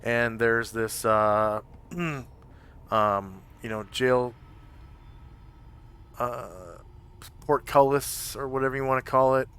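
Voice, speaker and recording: Slow, bright-voiced man as game master. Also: mid-range voice, steady tone, clear, resonant tone. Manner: hesitant, full of fillers. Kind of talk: describing scenes in a tabletop game. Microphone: home microphone on a live stream.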